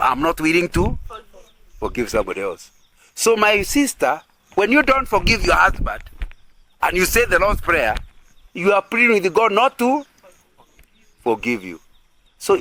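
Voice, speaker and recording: Earnest preacher man, lively and bright. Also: a little high, a little hiss or hum. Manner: earnest, repetitive, asks the audience for agreement. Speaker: pastor. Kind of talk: sermon at a couples' retreat.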